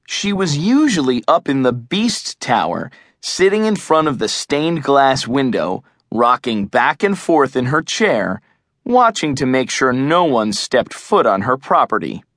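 A male audiobook narrator reads in a measured, expressive way. He takes his time and lets his pitch rise and fall freely. The close mic gives a dry, roomless sound. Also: no room sound. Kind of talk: scripted narration. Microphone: close studio mic.

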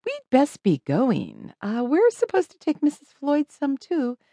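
A woman's voice: high-pitched, wildly swooping pitch, unhurried, dark tone, no echo, voice pushed up, exaggerated voice. A woman voicing a twelve-year-old twin girl who shrieks in panic and speaks bluntly. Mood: wary.

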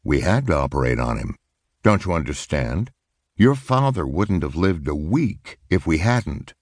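A man's voice: very deep voice, very animated, unhurried, breathy edge, no echo, studio quality, full character voice. A man voicing an earnest, straight-faced family doctor who speaks insistently.

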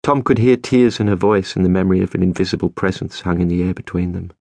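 A man narrating a novel as an audiobook, in a measured, steady storytelling manner. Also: low-pitched, creaky, no echo. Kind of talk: scripted narration.

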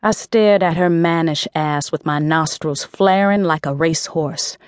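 A woman's voice: low-pitched, unhurried, clear, resonant tone, no echo, studio quality. A woman narrating a first-person audiobook in a gritty, slangy street voice.

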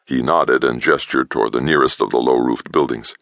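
Very deep gravelly male narrator. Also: brisk, a bit bright, no echo, clean studio sound. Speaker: audiobook narrator. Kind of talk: scripted first-person narration.

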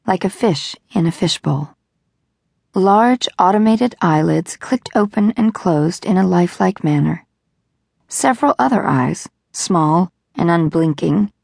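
Low gravelly woman narrating a story. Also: no echo. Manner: calm, storytelling. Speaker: audiobook narrator. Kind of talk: scripted narration. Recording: dry close studio sound.

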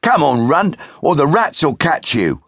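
A man voicing a boastful, bullying big brother rabbit in a children's audiobook, loud and scornful. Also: on the high side, sing-song, a little slow, no echo, studio quality, voice pushed up, heavily acted. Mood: urgent, bossy. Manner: scornful, shouting, bossy. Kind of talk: audiobook character voice.

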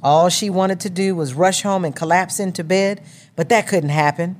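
A woman reading a novel as an audiobook narrator in a measured storytelling manner. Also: fairly low pitch, darkish tone.

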